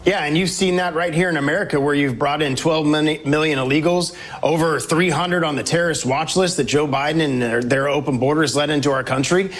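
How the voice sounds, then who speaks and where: A man serving as a congressman, a guest on an interview show. His voice sits a bit higher than most men's. He speaks in an emphatic, talking-point style. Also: steady tone, fairly quick, few pauses.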